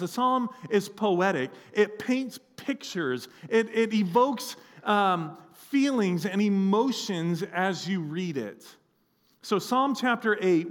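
A man preaching a sermon as pastor, telling a story with lively acted-out quotes. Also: sits high.

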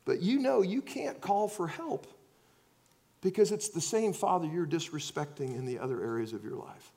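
A man preaching a sermon, swinging between loud acted-out outbursts and quiet, earnest asides. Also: a little high, animated, moderate pace. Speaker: pastor.

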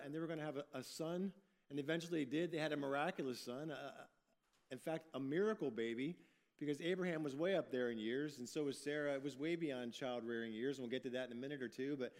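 A man preaching a sermon in a folksy, upbeat way, often restarting his phrases. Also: fairly high pitch. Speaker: pastor.

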